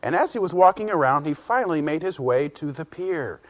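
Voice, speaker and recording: A man telling a children's story in an animated, folksy way, with asides to the listeners. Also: a little high, fairly quick.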